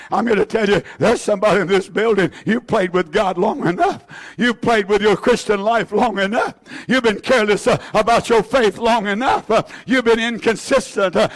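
Fervent high-voiced male preacher. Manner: fervent, repeats phrases, many "uh" fillers; swings between shouting and hushed tones. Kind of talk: impassioned sermon. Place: church.

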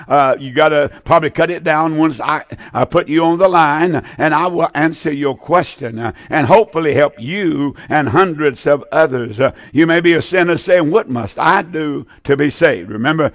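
An older man preaches over the air, fervent and folksy, leaning on "uh" as he repeats his points. His voice sits a bit high for a man. The sound is close and dry, with no room around it. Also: no room sound. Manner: folksy, repetitive, fervent, many "uh" fillers. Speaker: radio preacher taking calls. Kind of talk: call-in gospel broadcast preaching.

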